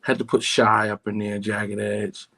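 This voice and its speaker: A middle-aged man with a New York accent, calm and smooth, talking as a guest on a casual radio show from his home. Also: lowish voice, measured pace, low-quality recording. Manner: calm, smooth, laid-back. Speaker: guest singer and producer.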